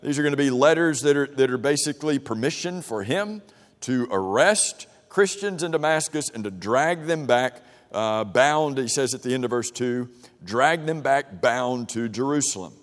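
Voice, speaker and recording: In a church meeting room with a projector, a man with a mid-range voice and lively intonation leads an interactive Bible class at normal speed. He reads verses and questions the group casually, restarting often, while the large room adds long reverb.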